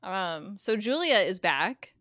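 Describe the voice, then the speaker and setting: A woman's voice: medium pitch, very animated, slow, a bit bright, no echo, clean studio sound. A woman recapping a TV episode on a podcast in casual chat, acting out the characters' lines as she goes. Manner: chatty, acts out characters' lines while retelling. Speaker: guest co-host.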